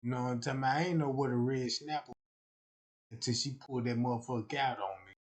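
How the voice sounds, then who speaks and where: A man's voice: medium pitch, fast talker. A young man rambling through a crude comic livestream rant, boastful and repeating "you know what I'm talking about.".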